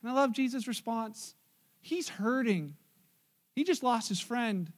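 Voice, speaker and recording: Male pastor, very high-pitched, lively, humorous sermon delivery. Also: measured pace. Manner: lively, joking storyteller who acts out the characters.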